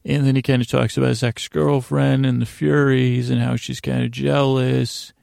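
A man's voice: mid-range voice, flat delivery, moderate pace, vocal fry, hardly any pauses, darkish tone, no room sound, clean studio sound. A man hosting a podcast, giving a casual, meandering recap meant to lull listeners to sleep. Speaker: podcast host.

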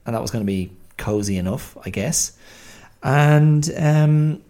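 A man's voice: mid-range voice, expressive, unhurried, dark tone. A man in his forties, hosting a podcast in a rambling, self-deprecating, chatty monologue. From Ireland. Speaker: podcast host. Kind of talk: casual monologue.

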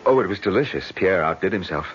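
A man's voice: low-pitched, lively intonation, quick pace. An actor playing a bewildered suitor in a 1970s radio drama, stammering and unsure as he speaks. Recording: dull old radio broadcast with hiss.

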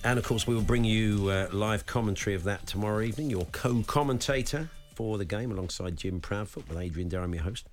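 A man's voice: lowish voice, a little fast, few pauses, soft background music. A male sports radio host bantering and laughing often with his co-host.

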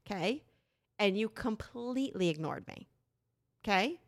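Animated woman telling a story. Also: on the high side, a little fast. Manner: animated storytelling, frequent swearing. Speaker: podcast co-host. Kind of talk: casual chat.

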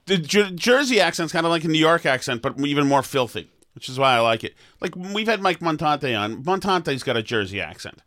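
A man's voice: fairly high pitch, big pitch swings, fairly quick, few pauses, fairly bright tone. A man hosting a podcast, bantering casually and mocking himself in a joking way. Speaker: podcast host.

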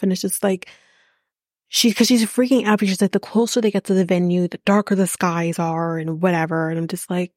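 A woman's voice: fairly low pitch, fairly even intonation, fast, a little mellow, no echo, clean studio sound. A woman hosting a podcast who recaps a reality show in a rambling, sarcastic way and swears freely. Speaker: podcast host. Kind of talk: casual chatty reality TV recap.

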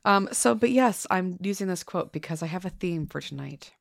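A woman's voice: fairly low pitch, lively intonation, normal speed, creaky, no echo, clean studio sound. A woman hosting a casual podcast while sick, with a sore throat, talking in a playful, jokey way. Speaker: podcast host.

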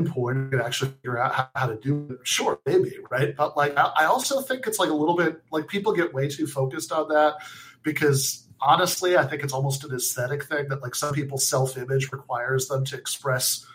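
Man on a podcast, mid-pitched, chatty political talk, lots of hedges and filler words. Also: brisk, a bit bright, a little hiss or hum, rough recording. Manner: hedging, conversational, many "like" and "you know". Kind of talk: casual political discussion.

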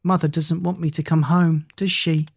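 A reader voicing a timid, anxious young girl in a storybook, lifting the voice higher and smaller than the narration. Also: level tone, normal speed, gravelly, slightly rough, dry recording. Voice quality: small raised childlike voice. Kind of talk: storybook character voice.

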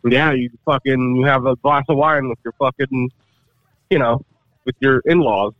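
A man's voice: medium pitch, fairly even intonation, moderate pace, dry recording, phone-quality sound. A man co-hosting a podcast in casual, profane chat, joking and laughing often. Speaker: podcast co-host.

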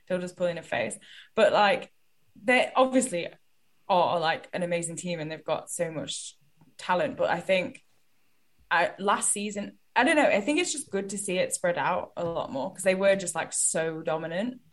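Woman co-host, slightly low voice, friendly and chatty. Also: expressive, moderate pace. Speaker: podcast co-host. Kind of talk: casual podcast chat.

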